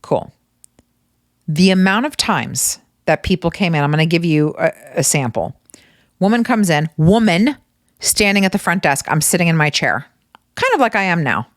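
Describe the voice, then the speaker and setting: A woman hosting her own podcast, telling funny stories in a casual, animated way and swearing freely. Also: on the low side, normal speed, no echo, clean studio sound. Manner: animated, profane, exasperated storytelling. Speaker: podcast host. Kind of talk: casual comedic storytelling.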